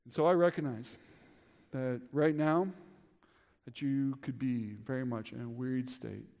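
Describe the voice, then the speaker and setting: Earnest pastor preaching in a reverberant hall. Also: male voice, steady tone, measured pace, vocal fry, a little mellow. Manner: earnest, rising to emphatic peaks and dropping low. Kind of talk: sermon.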